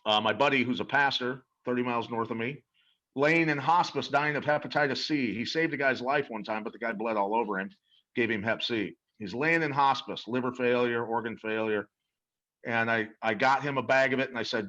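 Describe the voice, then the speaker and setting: A man's voice: medium pitch, brisk, fairly bright tone, lo-fi sound. A middle-aged man telling stories in an interview, earnest and emphatic, often repeating words as he goes. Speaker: interview guest. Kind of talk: animated storytelling about a product.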